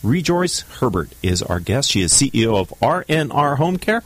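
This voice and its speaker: A man hosting a radio talk show who talks quickly and jokes with his guest. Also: medium pitch, big pitch swings. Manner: quick, joking. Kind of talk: radio interview.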